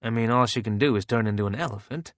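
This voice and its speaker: A man's voice: medium pitch, quick pace, a bit bright, no echo, natural voice. A man reading the lines of a blunt, wisecracking man in an audiobook, casual in manner.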